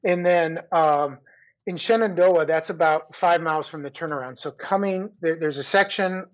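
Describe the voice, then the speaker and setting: A middle-aged man, a guest, telling a long story in a relaxed chat with frequent restarts. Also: on the high side, moderate pace. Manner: chatty, many restarts and laughing asides. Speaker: guest runner. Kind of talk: casual storytelling. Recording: dull lo-fi sound.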